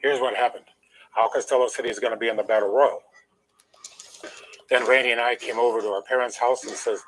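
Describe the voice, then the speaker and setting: A man's voice: medium pitch, fairly even intonation, normal speed, pauses often, a bit bright, low-quality recording. An older man, an interview guest, telling a long personal story in an emphatic, aggrieved way while holding back emotion.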